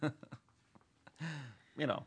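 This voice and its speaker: A man's voice: a little high, drawn-out words, a bit bright, husky. A man hosting a casual podcast, joking and laughing often with his co-hosts. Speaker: podcast host. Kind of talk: casual chat.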